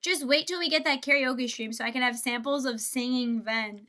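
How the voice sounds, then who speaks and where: A woman's voice: high-pitched, moderate pace, pushed and bright. A woman livestreamer chatting casually and laughing often, thinking aloud as she builds Lego.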